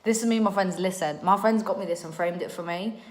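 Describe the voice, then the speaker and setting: A woman's voice: medium pitch, fast talker. A young woman, chatting casually and rambling as she goes through keepsakes at home. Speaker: vlogger. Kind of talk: casual chat. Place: her own home, a bedroom. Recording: roomy with faint noise.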